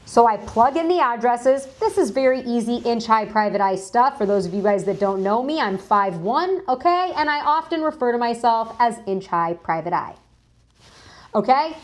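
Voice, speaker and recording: A woman with a fairly high, animated voice hosts a live news stream at normal speed. She chats casually, greeting viewers in the chat while she goes through documents.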